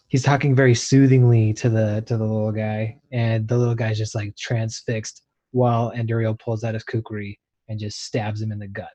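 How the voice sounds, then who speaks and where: A man's voice: on the low side, flat delivery, normal speed, warm tone. A man playing a tabletop game, describing his character's moves loosely and often laughing. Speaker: player. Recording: muffled lo-fi mic.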